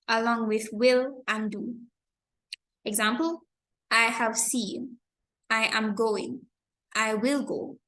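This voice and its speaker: A woman teaching an online grammar lesson, explaining slowly and carefully with example sentences and correcting her own slips. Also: fairly high pitch, a bit bright. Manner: corrects herself and apologizes for slips.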